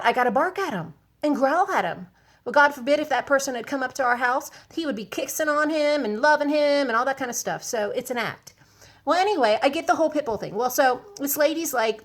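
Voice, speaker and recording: A woman vlogging to camera, telling a story in a chatty, animated, rambling way with asides. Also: high voice.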